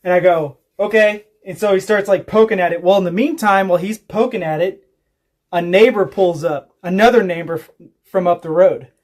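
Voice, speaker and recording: Here the homestead vlogger's voice is high and darkish, moving at a fairly quick clip. Chatting on his laid-back livestream, he tells meandering, foul-mouthed tales and laughs along the way.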